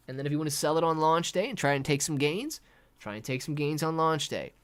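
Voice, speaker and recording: Casual-talking man hosting a trading livestream. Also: mid-range voice. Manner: animated, sarcastic rants, reads chat aloud. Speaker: livestream host. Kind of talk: casual live market commentary.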